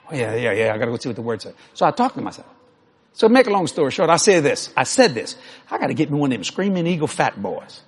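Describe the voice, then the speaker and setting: An older man, preaching a storytelling sermon that acts out dialogue and climbs toward near shouts. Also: mid-range voice, husky.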